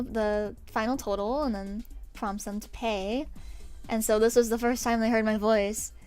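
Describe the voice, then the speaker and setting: A woman's voice: medium pitch, smooth. A young woman streaming while she draws, telling stories in a casual chat full of swearing and laughs. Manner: chatty storytelling with swearing and laughs. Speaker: VTuber streamer.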